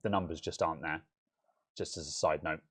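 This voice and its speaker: A man's voice: very deep voice, steady tone, fairly quick, fairly bright tone, breathy edge. A young English man with a Home Counties accent, co-hosting a casual tech live stream in a rambling, self-interrupting way. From England. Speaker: co-host.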